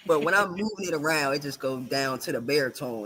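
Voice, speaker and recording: A man leading a calm guided breathing and toning exercise as a podcast guest, counting slowly and laughing easily. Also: fairly high pitch, husky. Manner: calm, slow counting instructions with warm laughs.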